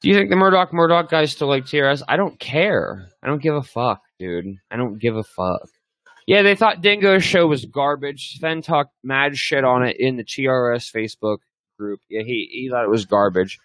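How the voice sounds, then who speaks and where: Young male host, crude rambling ranter, very animated pitch, dry close mic. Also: moderate pace, no room sound, low-quality recording. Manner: crude, heated, rambling, swings between loud and muttered. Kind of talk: profane casual rant.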